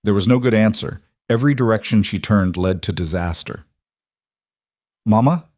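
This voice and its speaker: Male storyteller, low register, steady somber read, dry close sound. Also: brisk, dry recording. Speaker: narrator. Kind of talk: scripted story narration.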